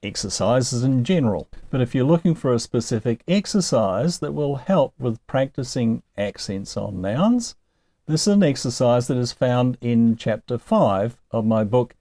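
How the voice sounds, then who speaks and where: A man talks through a lesson at an unhurried pace, his pitch rising and falling a great deal. His voice has a mellow, dark tone, and the sound is dry and close. He keeps asking gently wry rhetorical questions. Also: expressive, dry recording. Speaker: Greek teacher. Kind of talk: recorded lesson, explaining slowly.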